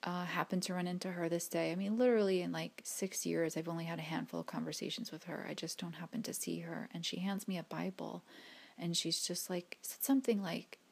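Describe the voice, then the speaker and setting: A woman speaks in a fairly low register with a lot of fry in her voice. She tells a personal spiritual story to her viewers, looping back, restarting her sentences and sometimes dropping to a near whisper. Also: fairly even intonation, brisk. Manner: rambling, restarts, many fillers, drops to a whisper at times. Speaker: spiritual reader and vlogger.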